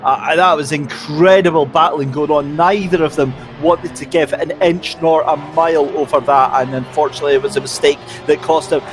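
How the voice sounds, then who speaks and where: A man giving lively, jokey play-by-play commentary on an online sim race. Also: fairly high pitch, moderate pace, few pauses, faint music behind.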